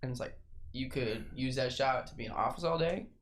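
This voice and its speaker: A relaxed man co-hosting a casual podcast. He rambles loosely, swears without a thought and strings his ideas together with "like". His voice sits in a middle pitch over a faint background hiss. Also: brisk. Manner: laid-back, swears often, rambling with many "like"s. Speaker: podcast host; restaurant server. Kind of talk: casual chat.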